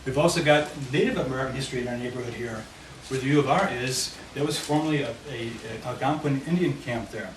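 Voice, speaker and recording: A man with a medium-pitched voice talks fast as he presents at a committee meeting, guiding listeners across a handout map of his neighborhood. Noise, room echo, and a far-off mic mark this meeting room recording.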